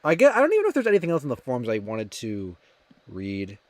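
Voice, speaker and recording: A man's voice: medium pitch, wildly swooping pitch, quick pace, darkish tone. A young man hosting a livestream, chatting casually and reading viewer comments aloud, rambling with many fillers and restarts. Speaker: livestream host.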